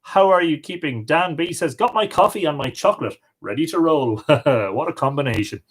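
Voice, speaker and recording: A man's voice: a little high, lively intonation, a little fast, a bit bright, slightly rough. A man with an Irish accent hosting a live stream from home, cheerfully greeting viewers by name. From Ireland. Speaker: host.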